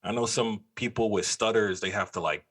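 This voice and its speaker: A man's voice: on the low side, fairly bright tone. A man co-hosting a podcast, teasing and cutting in with short jokes in casual chat. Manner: joking, quick short interjections. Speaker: podcast co-host.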